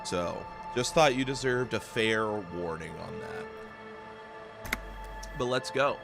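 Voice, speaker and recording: A man's voice: on the low side, expressive, slow pace, creaky, music in the background. A man who is under the weather, casually commentating a game playthrough with joking, self-deprecating asides. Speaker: gaming streamer. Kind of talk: casual let's-play commentary.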